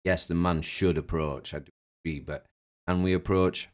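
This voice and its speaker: A man's voice: low voice, fairly even intonation, moderate pace, darkish tone. A man giving sardonic reaction commentary, mocking and opinionated. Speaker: commentary host.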